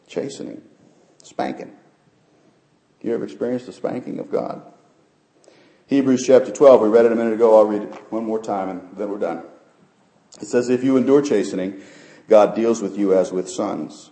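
A middle-aged male pastor preaching a sermon and sharing personal testimony, swinging from soft, low asides to loud, high peaks. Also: moderate pace, pauses often. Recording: roomy church sound.

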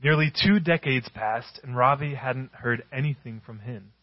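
A man preaching a sermon, telling stories and slowing down to stress key phrases. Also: mid-range voice, dry recording, muffled recording. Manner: storytelling with emphatic, slowed-down phrases. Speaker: pastor.

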